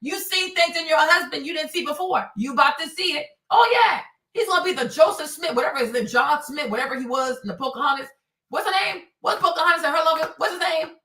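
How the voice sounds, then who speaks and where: A woman's voice: high-pitched, quick pace, pushed and bright, far from the mic. A woman hosting her own show, delivering an emphatic, sarcastic commentary rant that keeps repeating itself, recorded somewhat off-mic in an echoey room. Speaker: show host. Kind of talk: uncensored political commentary rant.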